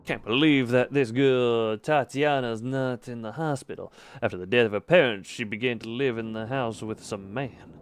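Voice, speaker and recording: A man voicing a wary villager writing a secret note, in a put-on Russian accent and a low, grave reading voice. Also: moderate pace, hardly any pauses, clear, resonant tone, no echo, natural voice.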